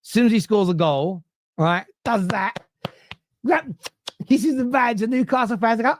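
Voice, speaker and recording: A man's voice: extremely high pitch, unhurried, long pauses, no room sound, studio quality. A man hosting a football podcast, ranting casually with swearing, digressions and mocking asides. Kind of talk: casual opinionated rant.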